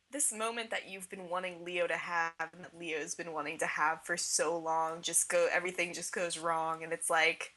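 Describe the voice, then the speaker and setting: A woman's voice: lowish voice, bright, forceful tone, poor audio. A young woman co-hosting a fan podcast, talking emotionally about a cartoon episode with lots of "like". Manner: gushing, emotional, fillers of "like". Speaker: podcast co-host. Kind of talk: casual fan podcast chat.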